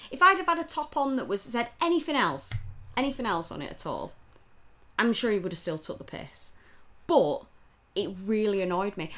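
A woman, co-hosting a podcast and telling an annoyed, sweary story in casual chat. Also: medium pitch. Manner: sweary, animated storytelling with bursts of emphasis. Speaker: podcast co-host.

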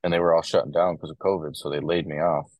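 Man, deep voice, dry close sound, relaxed rambling storyteller. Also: fast talker, dry recording, highs cut off. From Ohio, US. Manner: relaxed storytelling, many fillers. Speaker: podcast guest, corrections officer. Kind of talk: casual conversation.

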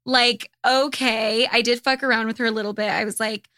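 A woman hosting a podcast talks in a frank, profane, unfiltered way. Her voice sits a little high with a bright, forward edge. The sound is close and dry, with no room around it. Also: fairly even intonation, fairly quick, no room sound. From United States. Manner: blunt, profane and candid. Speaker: podcast host. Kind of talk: casual monologue.

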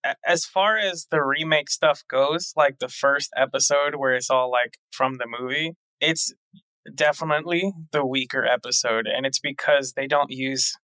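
A man's voice: medium pitch, moderate pace, bright, forceful tone, no echo. A man co-hosting a podcast, chatting casually in an easygoing way and weighing his opinions. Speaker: podcast co-host. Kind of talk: casual chat.

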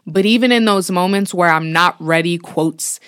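A woman's voice: lowish voice, moderate pace, fairly bright tone, clear, resonant tone. A young woman co-hosting a podcast, talking in casual chat with a blunt, frank, slangy manner. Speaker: podcast co-host.

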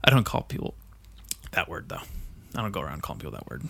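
Profane, excitable young man, dry sound. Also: low-pitched, fast, gravelly, no echo. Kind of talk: casual chat.

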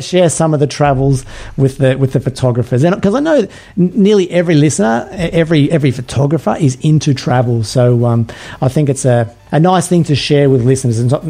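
An Australian man speaking as a podcast guest, his voice mellow and warm. He talks eagerly and persuasively, often repeating words as he gets going. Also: on the high side. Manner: enthusiastic, persuasive, frequent word repeats. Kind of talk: casual interview chat.

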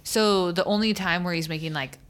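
A woman's voice: lowish voice, brisk. A middle-aged woman co-hosting a podcast, chatting casually and with exasperation as she recaps a TV episode, swearing freely. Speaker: podcast co-host.

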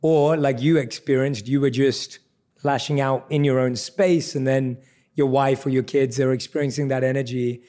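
A man's voice: medium pitch, steady tone, moderate pace, warm tone. A man hosting a podcast, speaking in a reflective, affirming way. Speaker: podcast host. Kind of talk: casual interview conversation.

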